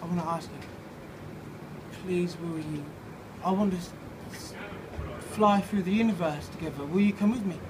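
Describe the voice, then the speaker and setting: A man voicing an eager male caterpillar turned butterfly, halting and sweet in a slightly tipsy storybook voice, recorded outdoors. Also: sits high, lightly acted. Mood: earnest. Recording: noisy outdoor pub ambience.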